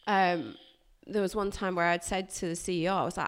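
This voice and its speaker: A woman, a guest recounting a hard workplace experience in a candid, animated way. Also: fairly low pitch, fairly quick, hardly any pauses, smooth. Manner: animated, emphatic retelling with bursts of loudness. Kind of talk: candid personal storytelling.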